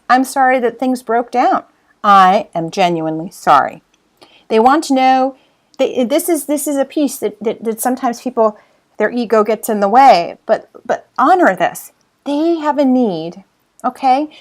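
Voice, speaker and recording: A woman delivers a training lecture with a slightly high voice. She talks emphatically, repeats words as she works through her points, and acts out the phrases she wants listeners to use. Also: darkish tone. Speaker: customer service trainer.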